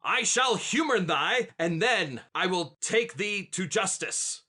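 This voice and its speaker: A man's voice: sits high, animated, slow, sharp tone, pitched below the performer's own voice, heavily acted. A man voicing a confused, bombastic medieval knight who speaks in thee and thy. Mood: blustering. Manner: archaic thee-and-thy speech, grandly declaiming.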